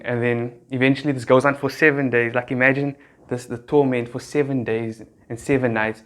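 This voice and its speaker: A young man from South Africa speaks straight to camera in a relaxed, conversational way, as if explaining the story to friends. His voice sits at an ordinary middle pitch, and the talk is loose and full of casual fillers. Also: brisk. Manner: laid-back and chatty, full of slang and fillers. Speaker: youth group speaker.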